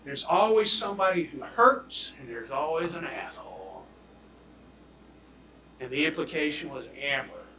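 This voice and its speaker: A man delivers a prosecutor's closing argument, speaking emphatically and swinging between loud declarations and hushed near-whispers. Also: fairly high pitch, sing-song, unhurried, slight background noise. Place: courtroom. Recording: echoey courtroom audio from far off.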